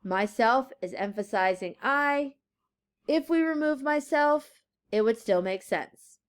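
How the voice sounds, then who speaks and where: A woman teacher giving a classroom grammar lesson, slowly stressing key words and reading example sentences aloud. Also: on the high side, animated.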